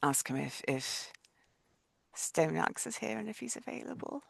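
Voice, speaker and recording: A woman's voice: mid-range voice, very animated, unhurried, vocal fry, no room sound. A woman player speaking in character in a tabletop game, hesitant and prone to restarting her sentences. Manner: hesitant, with repeated starts.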